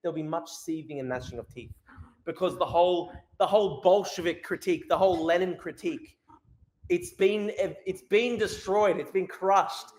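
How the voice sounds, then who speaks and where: A man's voice: high-pitched, moderate pace, darkish tone, echoey room. A man with an Australian accent ranting in casual, crude, mocking live-stream commentary.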